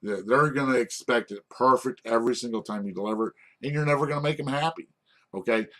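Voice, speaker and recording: A man's voice: medium pitch, quick pace, a bit bright. Middle-aged guy teaching restaurant managers, loose and rambly, keeps saying okay?. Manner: rambling, repeats "okay?" often, frequent restarts. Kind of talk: informal leadership lesson.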